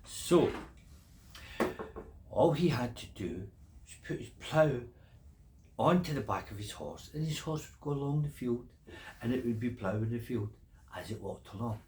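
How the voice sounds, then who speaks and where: A man's voice: medium pitch, normal speed, a little hiss or hum. An older man telling a folk tale as a grandfather-style storyteller, repeating words for effect. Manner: animated, repetitive storytelling.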